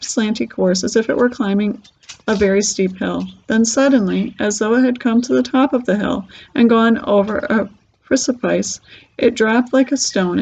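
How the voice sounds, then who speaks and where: A woman reading a children's book aloud with lively, expressive storytelling. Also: fairly high pitch, gravelly. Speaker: storybook reader. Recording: dull lo-fi recording.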